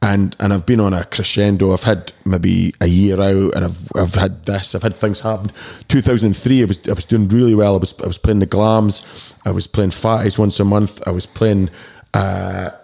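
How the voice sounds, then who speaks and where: A Scottish man in his forties tells long, rambling stories in a relaxed chat, swearing freely and often restarting his sentences. His voice is low and gravelly, with a husky edge. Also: normal speed. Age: 40s. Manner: blunt, sweary, rambling anecdotes with frequent restarts. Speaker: DJ and army reservist, guest. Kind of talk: casual storytelling chat.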